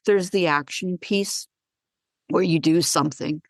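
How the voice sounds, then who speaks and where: A woman, a guest wellness practitioner on a podcast interview, who tells animated stories and acts out the dialogue. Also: on the low side, moderate pace, dry recording. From Canada.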